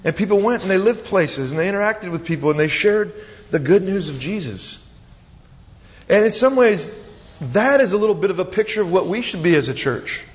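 A man preaching a sermon as pastor, retelling the scene with animated, dramatic storytelling. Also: high voice, brisk. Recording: dull sound with long reverb.

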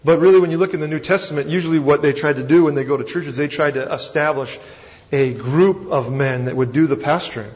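A man's voice: fairly high pitch, fast talker, a little mellow. A man with a Texan accent, teaching a Bible lesson as a pastor in a folksy, self-deprecating, conversational way. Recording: dull recording with long hall reverb.

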